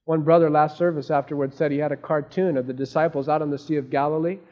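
A man's voice: a little high, steady tone, fast, darkish tone. A man preaching a sermon, telling a Bible story and acting out the disciples' frantic cries in raised voices. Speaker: pastor. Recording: dull lo-fi sermon recording.

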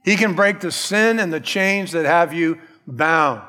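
A man delivers a sermon with an insistent, emphatic preaching style. His voice sits a little higher than most men's. The sound carries the long reverb of a large church hall. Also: unhurried, sharp tone. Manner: emphatic preaching, calls out "Amen?", acts out quoted voices. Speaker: pastor.

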